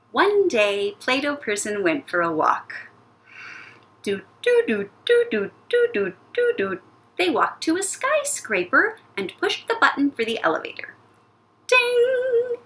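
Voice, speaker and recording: Woman, music teacher, talking to young kids, unhurried, swooping lively pitch, playful sound effects. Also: slight background noise. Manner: animated, sing-song, playful sound effects. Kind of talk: recorded lesson for young children.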